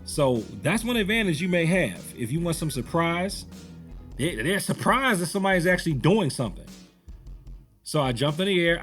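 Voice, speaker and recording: A man's voice: fairly high pitch, fairly bright tone. A man in his forties, a martial arts instructor, telling a personal story in a conversational, rambling way. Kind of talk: storytelling commentary.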